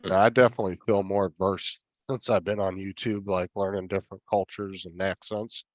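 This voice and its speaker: Low-voiced man on dull lo-fi audio. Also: little pitch movement, normal speed, dry recording. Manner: argumentative, explains at length. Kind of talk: casual livestream chat.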